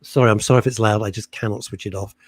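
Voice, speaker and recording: A man's voice: fairly low pitch, steady tone, no room sound. A middle-aged man co-hosting a radio show, bantering and mocking his partner in a jokey way. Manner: teasing, jokey, quick to mock his co-host. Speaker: radio co-host. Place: home setup with a loud industrial fan behind him.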